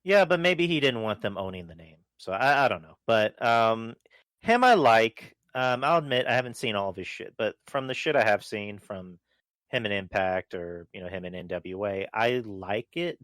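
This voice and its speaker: A man's voice: on the low side, animated, normal speed, a bit bright, no room sound. A man guest on a podcast, chatting offhandedly and hedging his opinions, with casual swearing. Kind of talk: casual wrestling podcast chat.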